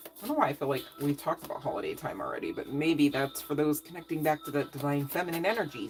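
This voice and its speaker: A woman's voice: deep voice, poor audio. A woman reading tarot cards in a casual, chatty way, with playful asides and frequent "okay?" check-ins. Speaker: tarot reader.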